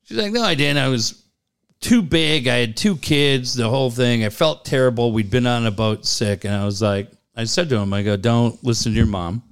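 A man's voice: medium pitch, moderate pace, clean tone. A man in his forties telling a long family story in casual chat, laughing often and repeating "I go".

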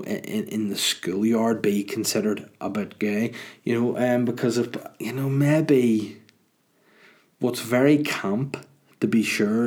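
A man hosting a podcast on his own, talking in a loose, rambling, jokey way with plenty of swearing. His voice sits fairly low. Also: darkish tone. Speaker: podcast host and stand-up comedian. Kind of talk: casual solo podcast chat.

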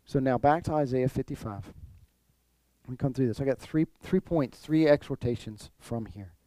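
A man preaching a sermon, animated, repeating his phrases and acting out the people he quotes. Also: mid-range voice, moderate pace, no room sound. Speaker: pastor.

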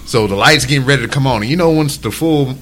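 A man's voice: mid-range voice, fast, a bit bright, a little hiss or hum. A man in his forties hosting, telling a crude story in casual chat. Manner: profane, laid-back storytelling. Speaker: podcast host.

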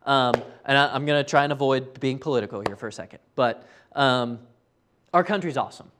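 A man's voice: medium pitch, a little fast, background noise. A man preaching a conversational sermon, telling the story earnestly and often checking in with his listeners by asking "right?". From United States. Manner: tags many sentences with "right?".

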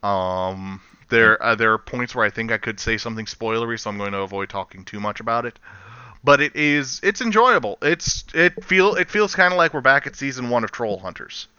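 A man chatting casually on a podcast, rambling and animated, laughing often. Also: medium pitch, fairly quick, clear, resonant tone, no echo, highs cut off. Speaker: podcast co-host. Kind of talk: casual chat.

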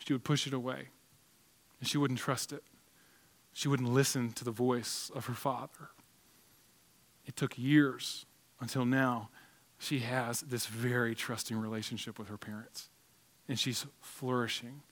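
A man's voice: mid-range voice, flat delivery, measured pace, pauses often, a bit bright. A man preaching a sermon as pastor, building his points with emphatic, repeated phrases. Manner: emphatic, repetitive rhetorical phrasing.

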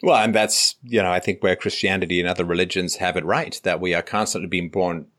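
A man in casual political discussion who argues in an animated way and tells anecdotes. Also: sits low, quick pace. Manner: animated, argumentative storyteller.

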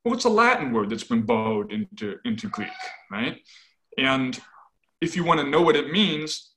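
Animated man explaining scholarship. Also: medium pitch, moderate pace, slight background noise, poor audio. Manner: animated, tags points with "right?"; scholarly, self-correcting. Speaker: biblical scholar guest. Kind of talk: conversational explanation.

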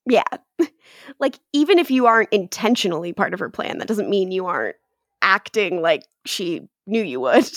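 A woman co-hosting a podcast, recapping an episode in casual chat, often laughing and acting out quick quotes from the characters. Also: mid-range voice, expressive, dry recording, clean studio sound. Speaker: podcast co-host.

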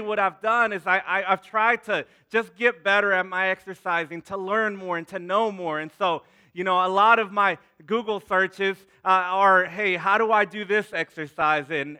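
A man's voice: high-pitched, pushed and bright, smooth. A man in his thirties, a pastor leading prayer and preaching to a congregation, repeating words and calling out to the crowd. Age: 30s. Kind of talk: sermon with prayer.

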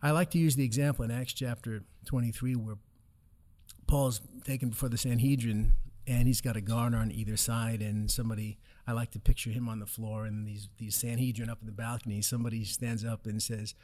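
A man's voice: mid-range voice, steady tone, brisk, mellow. A man teaching from scripture in a casual discussion, earnest and explanatory, telling stories to make his point.

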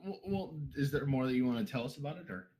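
An American man hosting a casual podcast, animated and given to loud bursts of laughter. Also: mid-range voice, very fast. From United States. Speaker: podcast host. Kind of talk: casual chat.

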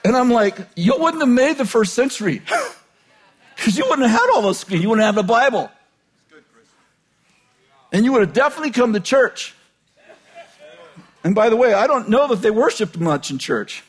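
A man preaching an informal sermon in a conversational way, joking and chuckling often, swinging between loud bursts and low asides. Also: sing-song, moderate pace, pauses often, breathy edge.

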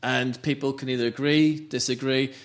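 A man's voice: mid-range voice, steady tone, moderate pace. A middle-aged man from Northampton, co-hosting a casual football podcast in a blunt, self-mocking, argumentative way. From Northampton, England. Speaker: podcast co-host. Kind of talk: casual chat.

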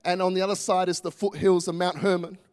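A man's voice: high voice, little pitch movement, fast, darkish tone, smooth. A male pastor, preaching a passionate, emphatic sermon full of repetition.

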